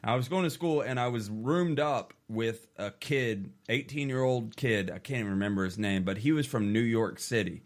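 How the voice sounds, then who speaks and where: Young adult man, midwest-raised podcast co-host, rambling and profane, average pitch. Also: moderate pace, hardly any pauses. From Oklahoma or Kansas. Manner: rambling storyteller, swears a lot, many restarts. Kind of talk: casual chat.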